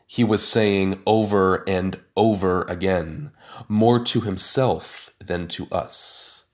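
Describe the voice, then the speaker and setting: Slow, low-voiced sardonic male storyteller. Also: steady tone. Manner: dry, sardonic asides. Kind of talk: first-person story narration.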